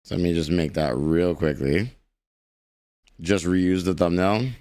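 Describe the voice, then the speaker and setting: A man's voice: sits low, a little slow, darkish tone, no echo. Profane, joking young male streamer. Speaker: live streamer. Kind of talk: casual live-stream chat.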